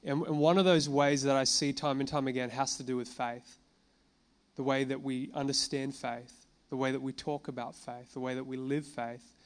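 A man preaching to a congregation, reading scripture slowly and then explaining it in a relaxed conversational way, with fillers and questions to the room. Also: medium pitch. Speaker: pastor. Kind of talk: sermon. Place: church gathering addressing a congregation.

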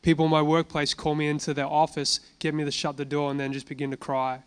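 Speaking quickly, a man gives an informal sermon with personal testimony, preaching in a relaxed, chatty way and sharing stories from his own life. His voice is smooth, clear, and a little high for a man, and he repeatedly poses rhetorical questions to listeners, then answers them himself.

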